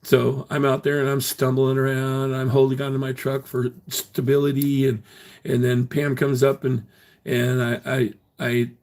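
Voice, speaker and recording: A man's voice: medium pitch, monotone, measured pace, a little mellow. A man telling a story casually on his livestream, rambling with many fillers and restarts.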